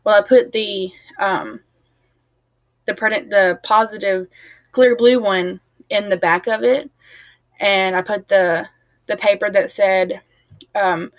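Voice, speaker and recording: A woman's voice: mid-range voice, fairly even intonation, takes it slowly, pauses often, no echo. Chatty young woman vlogging, dry sound. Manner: chatty, rambling, laughs while recounting. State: tired. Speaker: family vlogger. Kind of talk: casual storytelling to camera.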